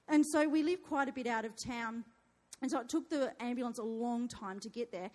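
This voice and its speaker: A woman's voice: high voice, normal speed. A woman, telling a dramatic personal story to an audience and acting out her own panicked cries. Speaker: speaker sharing a testimony. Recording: long hall reverb.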